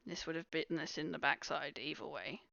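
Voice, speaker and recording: A woman playing a calm adventurer in a tabletop game, reassuring, lowish voice, dull lo-fi sound. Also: a little fast, creaky, no room sound, exaggerated voice.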